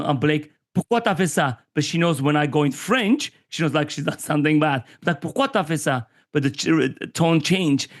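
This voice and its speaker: A man in his forties from Armenia, appearing as a podcast guest, tells stories animatedly in a candid conversational interview, acting out the voices he quotes. His pitch is fairly high.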